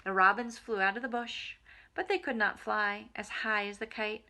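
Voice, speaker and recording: A woman reading a picture book aloud to small children in a gentle, expressive way. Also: mid-range voice, normal speed. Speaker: nursery school reader. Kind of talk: storybook read-aloud for children.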